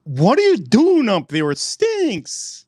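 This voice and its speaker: A man putting on the voice of a nagging mother who yells up the stairs about a smell. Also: huge pitch swings, slow, no room sound, clean studio sound, exaggerated voice. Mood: alarmed, complaining. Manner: shrill, yelling. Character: shrill nagging mother calling from downstairs.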